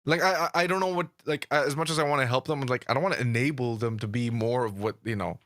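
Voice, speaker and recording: A man chatting on a podcast with a bright, forward voice. The sound is dry and close. He talks hesitantly and fills his sentences with fillers. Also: mid-range voice, fast talker, no room sound. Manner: hesitant, filler-heavy, loose phrasing. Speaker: podcast co-host. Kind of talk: casual chat.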